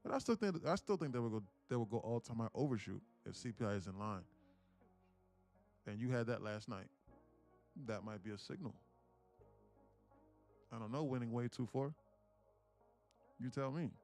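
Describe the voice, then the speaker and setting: A man's voice: medium pitch, animated, normal speed, long pauses, darkish tone, soft background music. A man hosting a live day-trading stream, chatting casually, laughing often and repeating words as he thinks. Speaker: day-trading livestream host.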